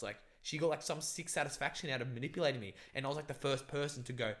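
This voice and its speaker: A man's voice: on the high side, expressive, quick pace, a bit bright. Rambling, profane young man. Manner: rambling, profane, lots of fillers. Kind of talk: casual chat, recounting a dream.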